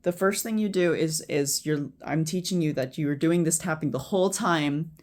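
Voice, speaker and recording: Rambling casual speaker teaching a calming routine. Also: medium pitch, moderate pace. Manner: rambling, restarts, repeats phrases like a chant; blunt, occasional swearing. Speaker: healthcare worker teaching a friend. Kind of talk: casual spoken instruction. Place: at home before bed.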